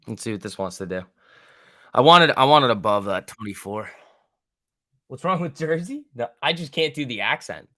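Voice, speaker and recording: A man's voice: mid-range voice, expressive, normal speed, bright, forceful tone, no echo, clean studio sound. A man hosting a live trading stream, talking loosely and thinking aloud as he reads the market, with the odd swear word. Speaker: stock trading stream host. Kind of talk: casual live market commentary.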